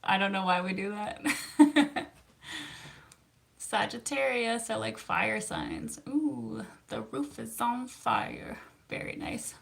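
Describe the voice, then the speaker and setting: A woman's voice: on the high side, lively intonation, slow pace, gravelly. A Canadian woman in her thirties, a therapist, chatting casually with viewers in a giggly, chatty way. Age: 30s. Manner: giggly and chatty, with frequent fillers. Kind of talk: casual live-stream chat answering viewer comments.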